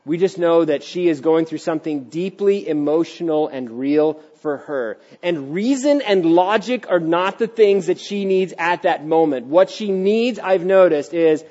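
A middle-aged man preaching a sermon as pastor of a church, animated and acting out little voices, sometimes dropping to a hushed tone. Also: a little high, unhurried, few pauses. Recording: dull lo-fi sound.

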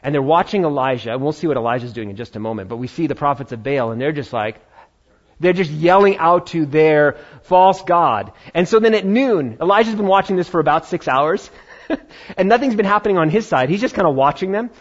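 A man preaching a sermon, retelling a Bible story with lively acted-out voices. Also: a little high, a little fast, muffled recording. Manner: animated storytelling, acting out biblical voices. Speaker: pastor.

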